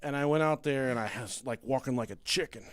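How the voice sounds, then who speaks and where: A man co-hosting a podcast, telling a story in a casual, animated way, laughing and swearing freely. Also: medium pitch, fast, smooth, no room sound, studio quality. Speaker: podcast co-host.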